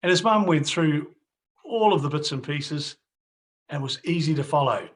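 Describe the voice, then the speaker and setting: Rambling New host, raised voice. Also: male voice, on the high side, animated, moderate pace. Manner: rambling, restarts and repeats phrases. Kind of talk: casual video interview and wrap-up to viewers.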